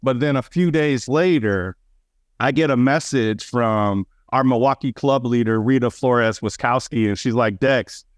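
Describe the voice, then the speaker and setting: A man telling stories as a birding guest on a radio chat show, animated and excitable, with lots of fillers. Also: medium pitch, measured pace, no room sound, studio quality. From Wisconsin, USA.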